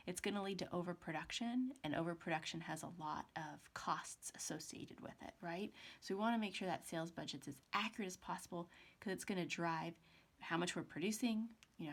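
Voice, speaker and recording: Speaking on the low side, a woman professor delivers a recorded accounting lecture in a conversational style. She throws out rhetorical questions and murmurs to herself while writing.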